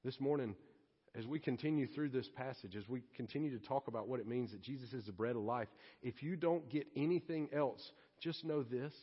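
Here the pastor's mid-range voice carries a breathy edge as he moves a little quickly through a lighthearted, conversational sermon. It's captured in a reverberant church sanctuary, slightly muffled.

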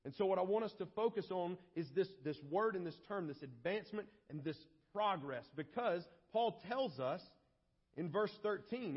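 A man preaching a sermon as pastor, walking slowly through Bible verses and now and then acting out short scenes. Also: sits high, lively intonation, husky. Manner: explains verses slowly, acts out scenes in voices. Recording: dull lo-fi sermon audio.

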